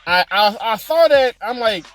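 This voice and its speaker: A man casually reviewing a movie in a vlog, talking in a loose, rambling way with lots of fillers and profanity, sometimes jumping into excited high-pitched reenactments. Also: a little slow, soft background music.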